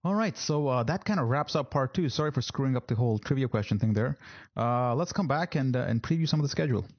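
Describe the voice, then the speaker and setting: A man's voice: mid-range voice, lively intonation, fast, dull audio, a little hiss or hum. A man hosting a casual sports podcast, rambling and repeating words between fillers. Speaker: podcast host.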